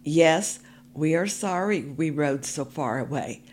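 A woman reading a storybook and voicing a timid, earnest young girl with a pleading, breathy manner. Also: low-pitched, expressive, slow pace, a little mellow, a little hiss or hum.

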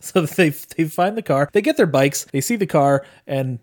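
A man's voice: a little high, moderate pace, few pauses, darkish tone. A man co-hosting a casual podcast, retelling a film's plot with lots of swearing and acted-out quotes. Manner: profane storytelling, acts out characters' lines. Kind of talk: casual movie recap chat.

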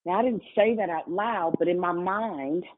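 A woman's voice: fairly low pitch, moderate pace. A woman preacher giving a personal testimony in a sermon, talking casually and directly to her congregation. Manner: conversational, addresses congregation directly. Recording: tinny phone-like sound.

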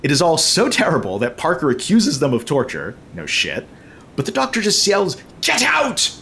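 A podcast host with a high, fairly bright voice recaps a movie casually, sarcastic and joking, swearing frequently. His pitch swings hugely, he talks briskly, and there's slight background noise.

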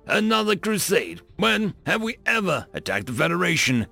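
A man's voice: high-pitched, sing-song, moderate pace, vocal fry, pushed and bright, faint music behind, pitched above the performer's own voice, heavily acted. A man voicing a stern, proud human general who gives firm commands in a storybook reading.

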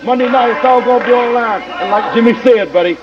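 Loud cocky wrestler guy yelling brother a lot, high voice, far off on muffled old tv tape. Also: fast talker. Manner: brash, shouting, calls everyone brother. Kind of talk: wrestling promo. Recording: dull, distant 1980s TV tape.

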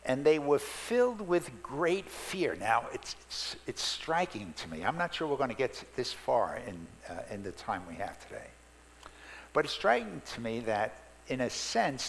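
Gravelly-voiced male preacher in a hall. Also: fairly high pitch. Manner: expressive, shifts from loud emphasis to soft prayer. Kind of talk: sermon. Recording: reverberant hall, faint hum.

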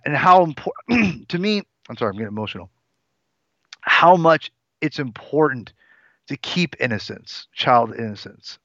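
A man's voice: mid-range voice, a bit bright, dry recording. A forty-year-old man co-hosting a casual podcast, speaking earnestly and circling back on himself with restarts. The sound is dull and lo-fi, with a dry, close feel. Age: 40s. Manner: earnest, rambling with frequent restarts. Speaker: podcast co-host.

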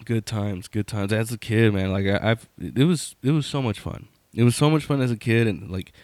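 A man's voice: lowish voice, normal speed, darkish tone, dry recording. A man in his thirties telling a childhood story in a casual, rambling way, full of fillers and restarts.

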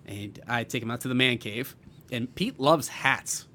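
Bright-voiced man telling a rambling story. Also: a little slow, slight background noise. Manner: rambling storyteller, many fillers, gets loud and shrill when excited. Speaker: podcast co-host. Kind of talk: casual chat.

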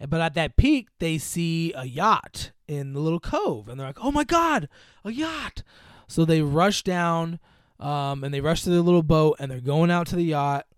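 Man, podcast host, higher pitch, smooth clear voice, dry close sound, rambling casual chat, swears a lot. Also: moderate pace, no room sound. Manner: rambling, swears freely, acts out quoted lines. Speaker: podcast host recapping a movie.

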